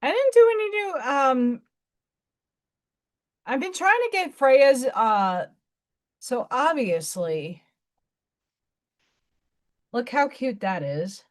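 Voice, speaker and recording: Hosting a relaxed craft stream at home, this woman talks chattily, laughs often, and baby-talks to her cat. She has a high, sing-song voice, slow delivery, and long pauses.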